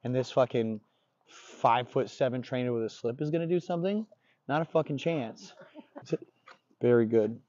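A man's voice: mid-range voice, moderate pace, darkish tone. A man working as a dog trainer, explaining his methods in blunt, casual talk with the odd swear word. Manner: blunt, profane, confident explaining. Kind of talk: casual on-the-job instruction. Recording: dull lo-fi recording.

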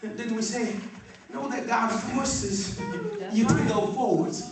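A male pastor preaching a live sermon with call-and-response, repeating phrases and rising to shouts, heard from a distance in a church with the congregation answering. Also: extremely high pitch, slow pace. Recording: very echoey live church stream from far off with loud crowd.

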